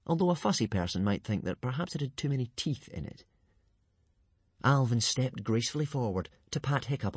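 A male narrator reading a children's adventure story with lively, dramatic delivery. His voice is slightly husky and swings widely in pitch. The recording is close and dry, with no room in it. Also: no room sound.

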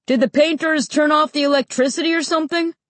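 A woman voicing a practical father who sounds worried and brisk. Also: a little high, expressive, no echo.

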